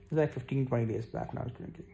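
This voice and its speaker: Young male vlogger, gravelly and relaxed, scattered and self-deprecating, talking straight to viewers, tired. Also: medium pitch, very fast, slight background noise. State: yawning, tired. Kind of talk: casual rambling vlog to camera.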